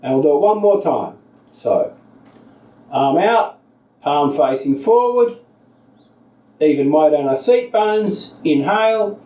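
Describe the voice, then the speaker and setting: High-voiced Australian man teaching yoga. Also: takes it slowly, long pauses. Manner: calm, patient cues paced to the breath. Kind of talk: guided seated yoga instruction. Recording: echoey room, voice picked up from a distance.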